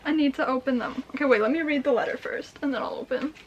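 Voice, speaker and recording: A young woman vlogging casually, excitable and swearing, teary and emotional as she unboxes a gift. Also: sits high, fast, dull audio, noisy background. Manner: excitable, gushing, swearing, with breathy laughs. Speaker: vlogger and writer. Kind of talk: casual vlog chat.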